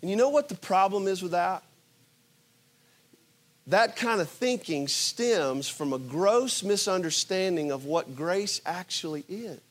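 A man with a high-pitched voice preaches a sermon, pressing his point with rhetorical questions. He swings from loud, emphatic bursts to hushed, quiet asides. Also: expressive, unhurried. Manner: asks the audience rhetorical questions. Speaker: pastor.

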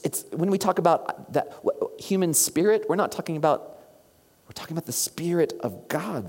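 Lively preacher in a reverberant hall. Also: medium pitch. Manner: animated, asks the congregation questions. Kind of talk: sermon.

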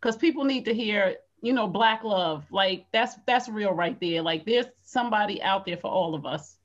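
A woman's voice: medium pitch, moderate pace, muffled recording. A woman hosting an interview series, speaking in an affirming, heartfelt way to her guest. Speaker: host. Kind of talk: interview show host.

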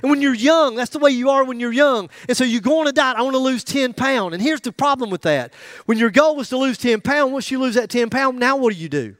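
A man's voice: very high voice, lively intonation, fast talker, fairly bright tone, dry recording, studio quality. A middle-aged man preaching a sermon in a joking, conversational way, with asides to the congregation. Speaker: pastor.

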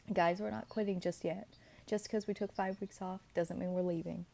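A woman's voice: fairly low pitch, steady tone, brisk, vocal fry, darkish tone. A young woman co-hosting a podcast from home, chatty and rambling, still getting over being sick. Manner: chatty, rambling, self-aware. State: recovering from illness. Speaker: podcast co-host. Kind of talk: casual podcast chat. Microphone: home computer mic, remote recording.

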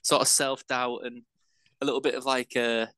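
A man's voice: medium pitch, little pitch movement, normal speed, pushed and bright, smooth, no echo. Self-deprecating rambling male podcast host. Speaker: podcast co-host and home brewer. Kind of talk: casual chat.

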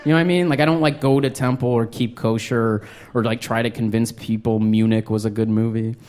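A man in his thirties telling a self-deprecating story on stage, breaking into high, acted-out quotes. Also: steady tone, a little fast, background noise. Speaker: stand-up comedian. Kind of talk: stand-up storytelling. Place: comedy stage before a live audience.

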